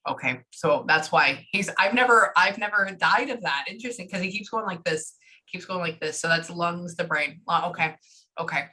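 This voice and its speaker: A woman working as a psychic medium, talking fast and casually through a live reading and swearing freely. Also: lowish voice, bright, forceful tone. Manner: rapid, chatty, swears casually.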